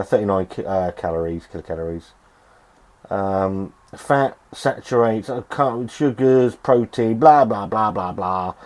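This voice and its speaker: A man's voice: fairly low pitch, darkish tone. Brief: middle-aged male vlogger, sweary and rambling, voice swinging up and down. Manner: sweary, grumbling, rambling with restarts. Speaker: beer reviewer. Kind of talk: casual vlog review. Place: home shed.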